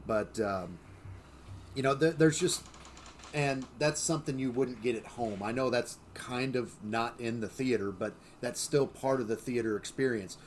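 A man of middle pitch co-hosts a casual podcast conversation. He tells stories loosely, full of "uh"s, "you know"s and restarts. A faint hiss sits under the recording. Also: moderate pace. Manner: storytelling, many fillers and restarts. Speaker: podcast co-host. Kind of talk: casual chat.

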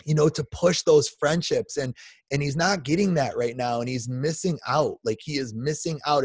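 A man's voice: medium pitch, brisk, breathy edge, no echo. A man in his forties, a podcast guest delivering an emotional, heartfelt rant full of restarts. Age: 40s. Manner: emotional, repetitive restarts, says "man" often.

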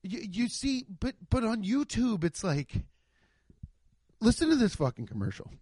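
A man hosting his own podcast from home, ranting in a rambling, profane, animated way. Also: high voice, moderate pace, breathy edge. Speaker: podcast host. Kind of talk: solo comedic rant. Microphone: desk microphone.

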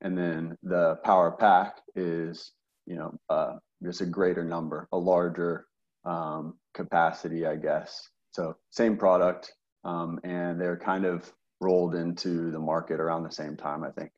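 A man's voice: low voice, flat delivery, measured pace, a little mellow, dull audio. A man being interviewed as a guest, speaking hesitantly with repeated words and many fillers. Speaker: interview guest, service manager. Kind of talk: casual interview.

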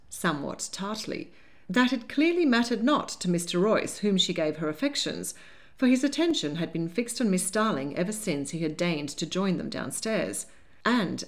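Expressive woman reading a novel aloud. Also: lowish voice. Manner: lively and expressive. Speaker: audiobook narrator. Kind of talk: scripted narration.

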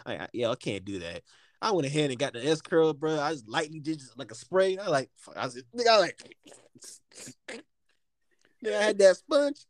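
A young man with a fairly high, very lively voice spins a casual story, profane and laughing. He is recorded close and dry, with no room sound. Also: brisk, dry recording. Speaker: podcast co-host.

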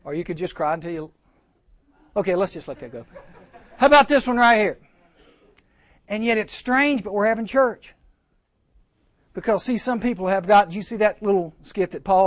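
A man preaching a storytelling sermon at a teen camp chapel, animated and acting out the voices he quotes. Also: high voice, brisk, pauses often, dry recording.

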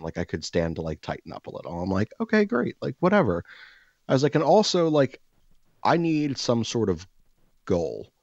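This man has a low, deep voice, recorded close and dry on a slightly dull mic. He tells a story in a loose, rambling way, packed with "like" fillers and crude jokes. When he acts out quoted lines, his pitch jumps up. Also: darkish tone, no echo. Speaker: podcast host. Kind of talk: casual storytelling chat.

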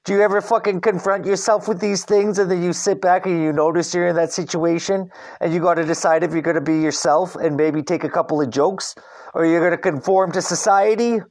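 A man's voice: sits high, a little fast. Profane rambling young man hosting a podcast. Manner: swears constantly, rambling and animated. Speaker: podcast host. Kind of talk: casual profane podcast rant. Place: Vancouver.

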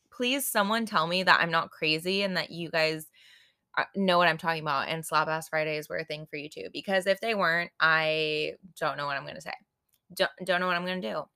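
A woman in her twenties hosts a casual solo podcast, her low voice brisk, pushed and bright. She rambles frankly and playfully, swearing and filling her talk with "like" and "I don't know."

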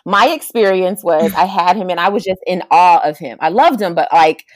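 A young woman chatting as a guest, telling a lively story and acting out quotes in a high voice. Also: moderate pace, no echo, clean studio sound. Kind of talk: casual chat.

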